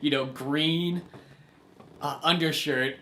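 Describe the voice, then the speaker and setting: An easygoing man with a slightly higher-than-usual voice co-hosts a casual podcast about films. He talks in a loose, chatty way and laughs along with his partner. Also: steady tone, slow, bright, forceful tone. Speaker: podcast co-host. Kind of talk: casual film discussion.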